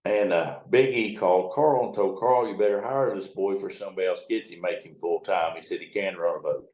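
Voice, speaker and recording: A man's voice: low voice, fairly quick, darkish tone. An older man, a river captain telling folksy, salty stories in a casual way. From United States. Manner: folksy, profane, acts out the other people's lines in quotes. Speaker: retired river towboat captain. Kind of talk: conversational storytelling. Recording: roomy echo.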